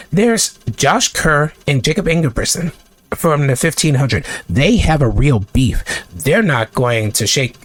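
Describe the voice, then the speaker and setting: A man delivering a heated sports rant to camera, exasperated and sarcastic, with blunt outbursts. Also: medium pitch. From United States. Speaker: sports vlogger.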